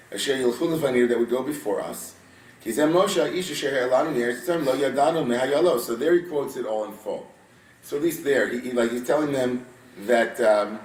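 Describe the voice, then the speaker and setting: A man giving a Torah study sermon, reading Hebrew verses and then explaining them in animated, casual English. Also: medium pitch. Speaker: rabbi teaching Torah. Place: synagogue sanctuary. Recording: roomy sound from a distance with faint ambience.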